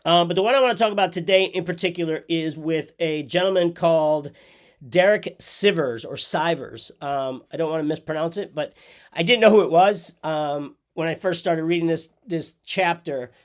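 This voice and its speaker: Man, nasal, stuffy from a cold, slightly high voice, upbeat rambling vlog host, home office. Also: brisk. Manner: upbeat, rambling with fillers and restarts. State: congested with a cold. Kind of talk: casual vlog talk to camera.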